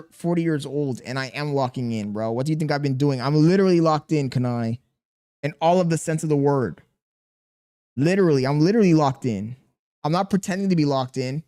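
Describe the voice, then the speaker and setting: Male streamer in his thirties, a touch high-pitched, reads chat and vents, defensive and exasperated. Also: moderate pace, dark tone. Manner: exasperated, defensive venting with slang. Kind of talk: live-stream chat reading.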